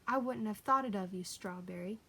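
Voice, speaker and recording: A woman's voice: medium pitch, a little fast, fairly bright tone, slightly rough. A woman voicing a plain-spoken working man, a cab driver who talks in homely dialect. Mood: hurt. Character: rough-spoken working man, a London cabby.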